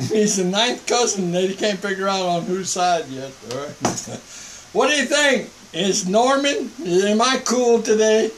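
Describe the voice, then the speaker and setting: An older man preaching informally to the camera, switching between mock calm and sarcastic emphasis. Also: high-pitched, measured pace, a little hiss or hum, rough recording.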